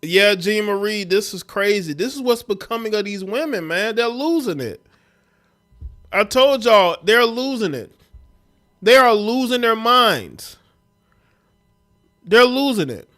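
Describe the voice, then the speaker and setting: Male livestream host, blunt and scornful commentary, slightly high voice. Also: lively intonation, a little slow, pauses often, sharp tone. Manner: blunt, scornful, talks straight to viewers.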